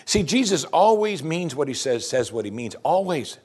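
Male pastor preaching with lively pitch. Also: moderate pace, slightly rough. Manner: expository preaching with rhetorical questions. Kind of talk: sermon.

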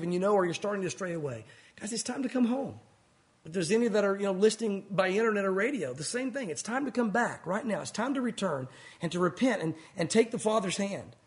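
A man preaching as a pastor, telling a story dramatically, then pleading softly with the congregation. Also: high voice. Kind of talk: sermon. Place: church.

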